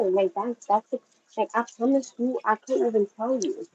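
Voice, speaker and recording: A woman's voice: a little high, normal speed, a little mellow, slightly rough, highs cut off. A woman from New York chatting casually to her livestream viewers while cooking at home, rambling and talking straight to them. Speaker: livestream host.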